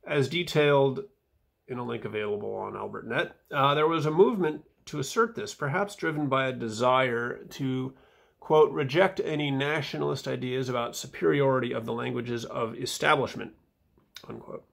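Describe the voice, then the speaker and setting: In a casual vlog, a man reads his own footnotes aloud in a dry, wry way, dropping fillers and soft mumbled asides. His voice is medium-pitched and creaky, at a normal speed.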